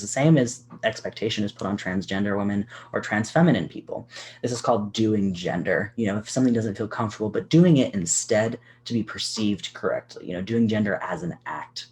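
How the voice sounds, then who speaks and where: A man's voice: on the low side, a little fast, a little mellow, slight background noise. A man presenting an educational workshop to camera in a casual, chatty way, with many "you know" fillers. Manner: gestures a lot with his hands while talking. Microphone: recorded for a video.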